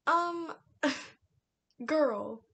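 A young woman with a high-pitched voice rants about a book she just read, exasperated and animated. She draws her words out slowly and breaks into laughter between mocking impressions of the characters. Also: vocal fry. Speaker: book reviewer. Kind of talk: casual ranting book review.

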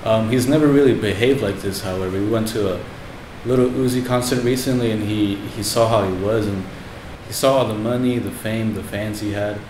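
A man playing the rapper's calm, matter-of-fact best friend in a mockumentary interview. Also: fairly low pitch, moderate pace, lightly acted. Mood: deadpan. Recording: echoey room with noise.

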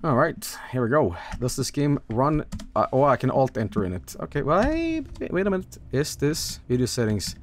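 A man streaming a game casually, rattling off game blurbs quickly and breaking into goofy high squeals. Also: expressive, slight background noise. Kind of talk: casual live-stream commentary.

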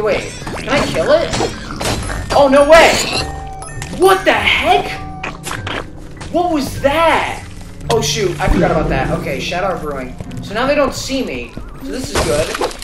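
A woman gamer talks through her play, her fairly high voice jumping into excited exclamations. She sits well back from the mic in an echoey room. Game music plays steadily behind her. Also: recorded from a distance. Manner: excitable, exclaiming and reacting aloud. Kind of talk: let's play commentary.

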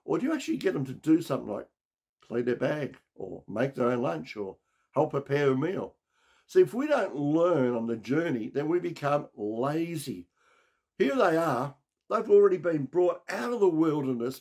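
Pastor guy preaching hard, kinda high voice, lots of questions then quiet punchy bits. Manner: emphatic preaching with rhetorical questions and drops to a low voice. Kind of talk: sermon.

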